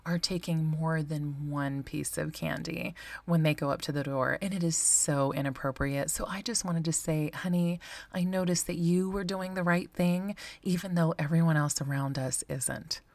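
Woman doing a hushed, preachy mom in whispered role-play, low-pitched, dry and close, condescending. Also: fairly even intonation, normal speed, dry recording. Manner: hushed, condescending, passive-aggressive. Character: prim, disapproving mother praising her young daughter.

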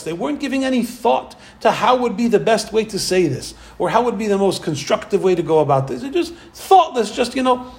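High-voiced animated male Torah teacher. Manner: animated storyteller acting out quoted voices. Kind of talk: Torah lecture.

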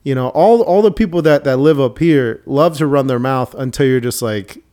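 A man co-hosting a podcast in casual chat, crude and blunt, throwing in quick remarks. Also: on the high side, a little mellow. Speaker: podcast co-host.

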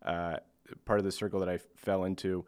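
A young man guesting on a podcast, chatting casually with dry, deadpan humor. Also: deep voice, fairly quick, clear, resonant tone. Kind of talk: casual chat.

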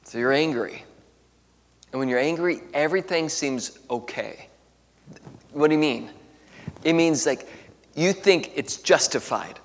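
A male preacher delivers a sermon to young people in a large auditorium. His voice sits a little high, and he moves between loud, emphatic points and quiet, hushed storytelling. A long reverb trails each phrase. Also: measured pace, pauses often.

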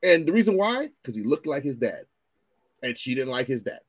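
A man ranting in casual commentary, animated and profane, often repeating himself as he restarts his sentences. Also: medium pitch, a little fast, breathy edge, no echo.

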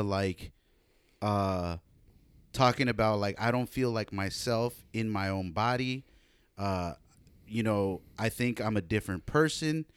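A man's voice: medium pitch, clean tone, no room sound. A man co-hosting a podcast, telling a long story in casual, profane chat with lots of fillers. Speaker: podcast co-host.

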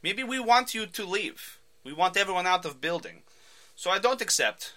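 A man's voice: high voice, expressive, moderate pace, sharp tone, pitched above the performer's own voice. A man voicing a brash male tracksuit gangster who talks in broken English and calls everyone bro. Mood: threatening.

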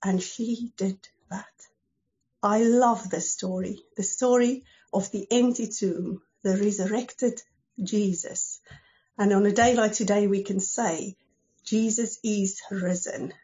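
Slow, mellow woman telling a Bible story. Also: mid-range voice, steady tone, highs cut off. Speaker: storyteller at a church service.

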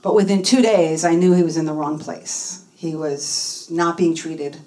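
A woman's voice: fairly low pitch, a little slow. A middle-aged woman telling a personal story in an interview, acting out the people in it with feeling. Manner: animated, acts out the voices in her story. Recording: voice a bit distant from the mic.

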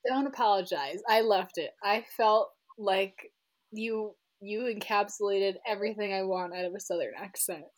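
A woman's voice: mid-range voice, moderate pace. A woman hosting a book club podcast, chatting enthusiastically and often trailing off. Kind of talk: casual chat.

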